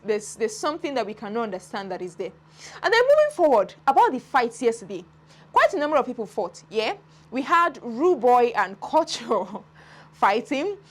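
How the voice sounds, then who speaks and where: A woman giving casual, animated commentary on a reality show, laughing often and acting out the people she talks about. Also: sits high. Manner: animated, laughing, dramatic retellings. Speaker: entertainment commentator.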